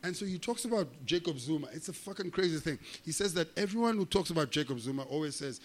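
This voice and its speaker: High-voiced man telling a story. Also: quick pace, hardly any pauses. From South Africa. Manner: animated, profane, laughing often. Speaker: comedian guest. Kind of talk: comic storytelling in casual chat.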